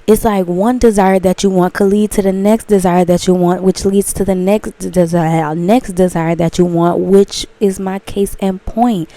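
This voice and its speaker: Expressive woman with a warm, dry voice. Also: medium pitch, dry recording. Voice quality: animated, drawn-out expressive delivery. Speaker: channel host. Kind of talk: casual self-help vlog chat.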